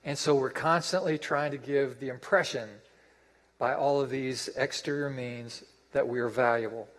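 A man's voice: mid-range voice, fairly even intonation, normal speed, fairly bright tone, in a large hall, low-quality recording. A man preaching a sermon as pastor, emphatic and repeating his phrases for effect.

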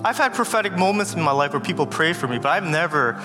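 Guest preacher, male, earnest and halting, nearly in tears; long hall reverb with clear music under him. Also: fairly high pitch, animated. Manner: earnest, halting storytelling with many fillers. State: close to tears. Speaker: guest speaker. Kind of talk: sermon.

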